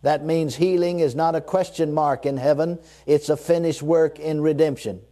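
His voice a little high, steady and mellow, a man preaches a sermon in which he repeats important phrases, eases his pace for scripture readings, and guides listeners through call-and-response declarations.

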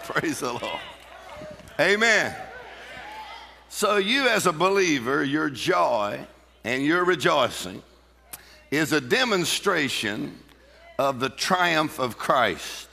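Gravelly, bright-voiced preacher man, exuberant. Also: on the high side, big-room sound, a little hiss or hum. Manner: exuberant preaching with shouts and bursts of laughter. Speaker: pastor. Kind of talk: sermon.

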